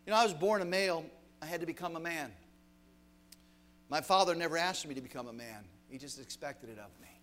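A man's voice: fairly high pitch, a little fast, a bit bright. A man preaching an emphatic sermon, exhorting his listeners and often repeating his phrases.

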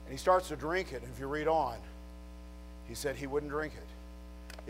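A man preaching a chapel sermon, telling a Bible story with animated storytelling that swings from hushed to shouting. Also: medium pitch, moderate pace, pauses often, a little hiss or hum. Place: college chapel.

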